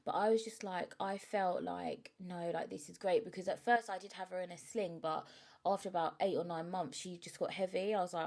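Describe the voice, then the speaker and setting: A young woman talks through a candid solo podcast in a slightly low, chatty voice. She speaks frankly and often checks in with her listener. An emotional edge runs under her words today. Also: fairly even intonation, brisk, a little mellow. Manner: frank and chatty, often asks "do you know what I mean". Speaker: podcast host.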